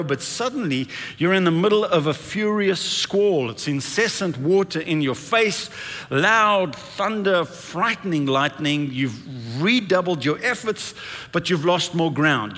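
Impassioned preacher with bright, soaring voice. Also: male voice, on the high side, big-room sound. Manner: impassioned, dramatic build-ups with congregation call-and-response. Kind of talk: sermon.

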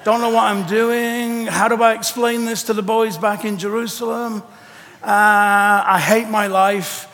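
A man's voice: high-pitched, level tone, measured pace, a bit bright, slight background noise. A man voicing a flustered, anxious apostle who protests in a whiny, exasperated way. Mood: fretful. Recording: echoey hall reverb.

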